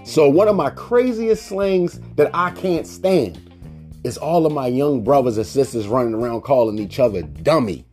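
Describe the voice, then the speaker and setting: A man's voice: mid-range voice, animated, normal speed, a little mellow, faint music behind. A man from Baltimore, Maryland hosting a solo podcast. He tells stories animatedly, acts out the people he quotes, and rants with mock indignation. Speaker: podcast host.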